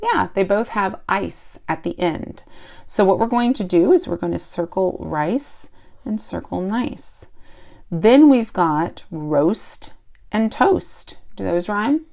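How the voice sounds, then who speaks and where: A woman's voice: medium pitch, animated, takes it slowly, vocal fry, darkish tone. A woman teaching a poetry lesson for children, explaining step by step and asking the class questions.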